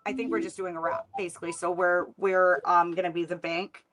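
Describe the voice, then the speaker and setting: A woman's voice: on the low side, little pitch movement, brisk, a bit bright, a little hiss or hum. Chatty rambling woman hosting a live stream. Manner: chatty and rambling, with fillers and self-interruptions. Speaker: host of a live sales call stream. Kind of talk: casual live-stream chat. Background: faint music.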